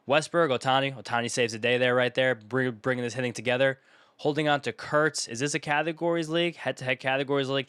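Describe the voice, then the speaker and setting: A young man hosting his own channel, casually commentating as he grades viewers' fantasy baseball teams, riffing quickly through lists of player names. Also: medium pitch, fairly bright tone, dry recording. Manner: rapid, chatty, riffing off a list of names.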